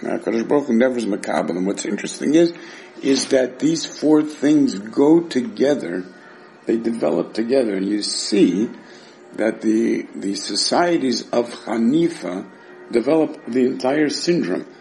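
A man's voice: mid-range voice, animated, moderate pace, vocal fry, darkish tone, faint music behind. A man teaching a Talmud class, explaining the texts with wry, sarcastic asides.

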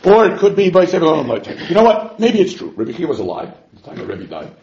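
A man teaching a Talmud class, animated, who acts out the quotes and chuckles now and then. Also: on the high side, quick pace. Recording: muffled lo-fi recording.

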